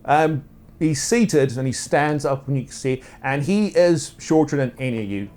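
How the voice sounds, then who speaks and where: A man's voice: mid-range voice, moderate pace, a little mellow. A man narrating as game master in a casual, rambling way with many fillers. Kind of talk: narrating a tabletop role-play.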